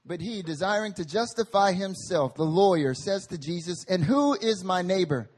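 Animated male preacher, slightly husky. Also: high voice, normal speed. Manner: animated and conversational, with humorous tangents. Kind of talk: sermon. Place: meeting hall.

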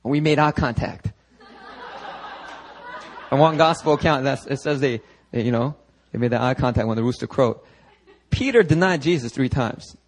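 A man preaching a sermon at a church service, lively and conversational, acting out the voices of biblical figures as he goes. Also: mid-range voice, moderate pace, pauses often, a faint crowd, a little hiss or hum, poor audio. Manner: animated, acts out voices of biblical figures, talks to the congregation. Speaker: pastor.

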